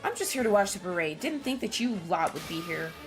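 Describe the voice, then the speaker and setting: A woman voicing a pushy young male reporter in a game, with soft music playing behind her. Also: mid-range voice, lively intonation, a little fast, natural voice. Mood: smug.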